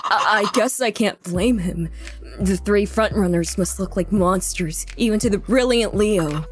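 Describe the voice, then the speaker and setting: A woman's voice: mid-range voice, measured pace, soft background music, lightly acted. Woman reading as a scheming young prince.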